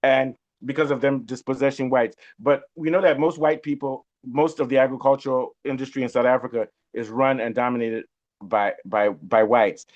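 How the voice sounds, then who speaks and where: A man's voice: medium pitch, fairly even intonation, moderate pace. A man hosting a political discussion, emphatic and opinionated, often turning to his guest with rhetorical questions. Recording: muffled lo-fi sound.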